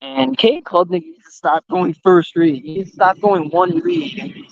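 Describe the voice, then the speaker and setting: A man's voice: high voice, expressive, unhurried, vocal fry, a crowd in the background. A young man talking outdoors about sports, blunt and profane, with strong opinions. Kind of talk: casual chat. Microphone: voice call or stream mic. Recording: dull, slightly lo-fi dry sound.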